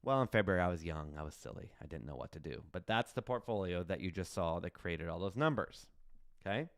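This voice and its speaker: A man's voice: deep voice, brisk, dry recording, clean studio sound. Chatty man explaining an investment plan. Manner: animated, asks "right?" often, jokes at himself. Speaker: investment channel host. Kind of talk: casual finance explainer.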